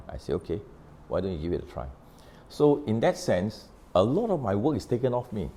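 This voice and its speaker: A middle-aged man with a Malaysian English accent tells a workplace story in a relaxed, unhurried way, voicing each side of the conversation as he goes. His voice sits very low, with a dark, mellow tone. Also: slight background noise. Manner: recounts conversations with quoted dialogue, unhurried, explanatory. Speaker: author sharing on his book. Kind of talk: casual storytelling talk.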